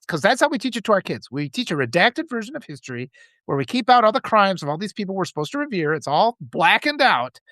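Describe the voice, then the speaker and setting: A man's voice: high-pitched, a bit bright, no room sound. Man, livestream host, ranting, swears a lot, voice swings wide, dry close sound. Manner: riled up, profane, ranting. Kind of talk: casual livestream chat reading comments.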